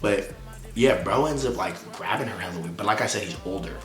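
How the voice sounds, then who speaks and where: A young man rattles through a story at a fast clip, his voice sitting a little low. The delivery is slangy and profane, full of acted-out quotes. The sound is roomy and echoey, with faint music playing underneath. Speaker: storytelling vlogger. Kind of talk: casual storytime chat.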